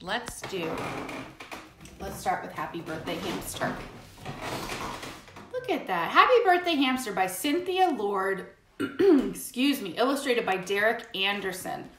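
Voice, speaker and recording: A woman hosts storytime for young children and reads a picture book in a slow, animated, sing-song voice. Her voice sits fairly high and leaps around. The room has a clear echo and a faint hiss. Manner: animated, sing-song, talks to kids directly. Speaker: children's music teacher and host. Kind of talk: storytime read-aloud for kids.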